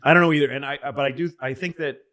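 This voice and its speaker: A man's voice: fairly high pitch, steady tone, very fast. Rambling man on a comedy podcast. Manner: rambling, loses his train of thought, acts out quotes loudly. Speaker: podcast co-host. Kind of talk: casual comedic rambling chat.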